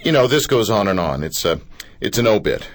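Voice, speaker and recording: A man hosting a live radio talk show from a studio. He talks in an animated way, with many stumbling restarts. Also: on the low side, fairly quick.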